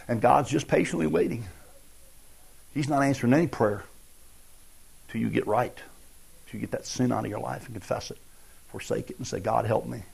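A man's voice: medium pitch, normal speed, gravelly, pauses often, a little mellow, husky. A man preaching a folksy, conversational sermon and acting out everyday asides. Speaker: pastor.

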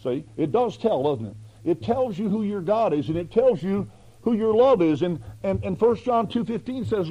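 A man's voice: high voice, lively intonation, normal speed, dark tone, highs cut off. A man preaching a sermon in a folksy, emphatic way, full of rhetorical questions. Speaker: pastor.

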